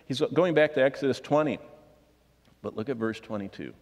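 A man's voice: medium pitch, brisk, in a large hall. A man preaching a sermon, reading scripture and pressing his points with rhetorical questions. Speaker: pastor.

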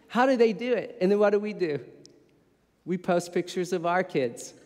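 A man in his thirties preaching a sermon as pastor, telling stories in a lively way and poking fun at himself. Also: high voice, moderate pace. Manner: animated storytelling with playful self-mockery. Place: church sanctuary. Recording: long reverb of a church hall.

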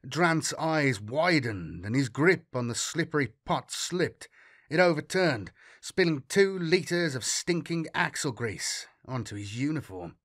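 A man narrating a dark science-fiction audiobook in a slow, measured, dramatic reading. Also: mid-range voice, no echo, studio quality. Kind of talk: scripted narration.

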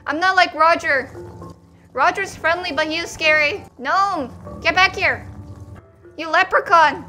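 Bright high-voiced woman playing games. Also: normal speed, faint music behind. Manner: playful, talks to game characters, sudden yelps. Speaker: gaming commentator. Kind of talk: let's play commentary.

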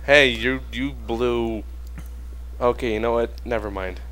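A man's voice: medium pitch, steady tone, a little slow, a bit bright, low-quality recording. A young man in casual group banter, tossing in silly heckling remarks.

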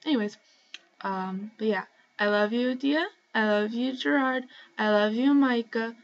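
A young woman at home talking casually to her camera in a rambling shoutout vlog, full of ums and likes. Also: on the high side, normal speed, a little hiss or hum. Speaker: vlogger. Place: home, indoors. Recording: slightly dull lo-fi webcam audio.

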